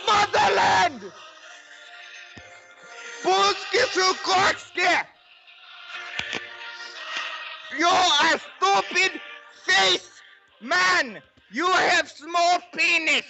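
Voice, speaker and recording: A man playing a crude prank caller who shouts insults in broken English with a mock foreign accent. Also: very high voice, vocal fry, exaggerated voice, rough recording.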